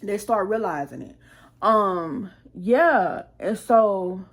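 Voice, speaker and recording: A woman's voice: medium pitch, lively intonation, slow. A woman hosting her own channel, telling a rambling storytime full of profanity and acting out her heated arguments. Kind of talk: casual storytime monologue.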